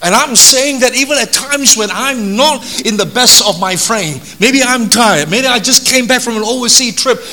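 Bright-voiced earnest older pastor preaching. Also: male voice, extremely high pitch, lively intonation, normal speed, hardly any pauses. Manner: earnest, repetitive emphatic phrasing, addresses listeners as folks. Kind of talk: sermon.

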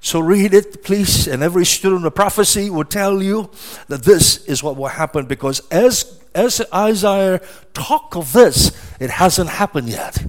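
Slow, emphatic male preacher. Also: lively intonation. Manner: emphatic preaching with sudden rises in pitch and volume; repeats phrases for emphasis. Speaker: pastor. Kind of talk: sermon.

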